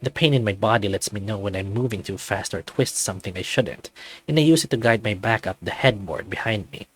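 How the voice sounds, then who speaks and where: A man narrating a story in the first person in a measured, expressive way. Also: fairly low pitch.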